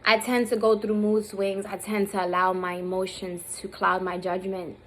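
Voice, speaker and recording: Filming herself on a phone or camera, this woman in her thirties rambles openly with plenty of fillers and is emotional, at points close to tears. Her mid-range voice is delivered flatly at a moderate pace. There's a little hiss or hum, and the recording is rough.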